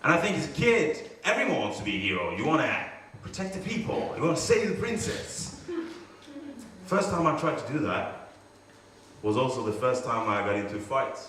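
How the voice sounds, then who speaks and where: A man's voice: medium pitch, sing-song, moderate pace, fairly bright tone, slight background noise. A man performing a comic personal story live on stage, swearing and acting out scenes. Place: stage before a live audience. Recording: echoey stage from far off.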